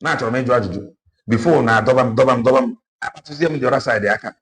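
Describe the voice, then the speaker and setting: In a mid-range, slightly bright voice that races along, a man with a Nigerian Igbo accent gives a fervent political monologue. He's an online political commentator who shifts between Igbo and English, hammering points home through repetition.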